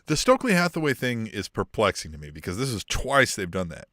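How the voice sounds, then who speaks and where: Lively, bright-voiced man on a podcast. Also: lowish voice, fairly quick, no room sound, studio quality. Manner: animated, profane, mimics wrestlers with laughs. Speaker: podcast co-host. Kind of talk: casual wrestling podcast chat.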